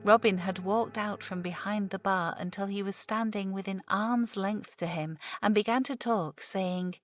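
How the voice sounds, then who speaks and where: A woman narrating a horror audiobook in a measured, steady storytelling voice. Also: mid-range voice, faint music behind. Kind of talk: scripted narration.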